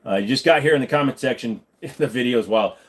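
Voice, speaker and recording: A man's voice: mid-range voice, fast. An American man hosting a casual live-stream Q&A, rambling and swearing freely. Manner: rambling and profane.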